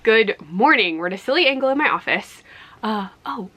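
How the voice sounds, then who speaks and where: A woman's voice: fairly high pitch, expressive, normal speed, bright, forceful tone, a little hiss or hum. A woman book vlogger chatting casually to camera in her home office, rambling with many fillers. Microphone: camera on a ledge.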